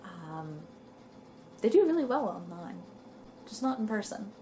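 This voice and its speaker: A young woman chats to her viewers in a casual, rambling way. Her voice sits at a middling pitch and she sounds a little out of breath. Faint background noise runs under her talk. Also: very animated, a little slow, dark tone. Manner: rambling, chatty, says "y'all". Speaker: knitting vlogger. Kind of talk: casual chat to camera.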